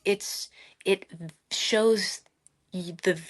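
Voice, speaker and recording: A middle-aged woman, a psychotherapist guest on a podcast, giving animated parenting advice with lively asides and laughter. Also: mid-range voice, drawn-out words. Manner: animated, expressive, laughs often, acts out quotes.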